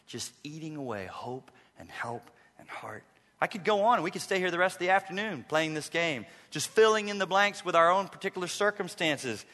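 A bright, high-pitched male pastor delivers a dramatic sermon. He presses hard on emphatic lines, then drops into hushed, slow passages. His voice rings with a long reverb in a large church hall. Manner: dramatic preaching, swings from loud emphasis to hushed low passages.

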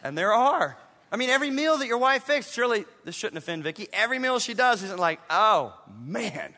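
A man preaching a sermon to his congregation, animated and acting out his listeners in quoted voices. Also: very high-pitched, quick pace, in a large hall. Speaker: pastor. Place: church sanctuary.

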